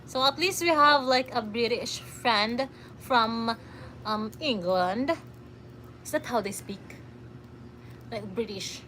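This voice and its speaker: Filipino lady on a livestream, high bright voice, slow and giggly, faint room hum. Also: expressive. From Philippines. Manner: giggly, chatty, reads comments aloud. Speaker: livestreamer reading chat. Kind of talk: casual livestream chat.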